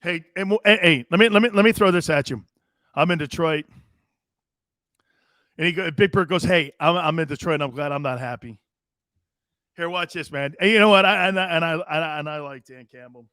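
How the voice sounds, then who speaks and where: An excitable man from Connecticut hosts a sports talk show, rambling from story to story and laughing often. His voice sits a touch high for a man. The sound is dry and close on the mic. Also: fairly quick, clean tone, no room sound. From Connecticut, United States.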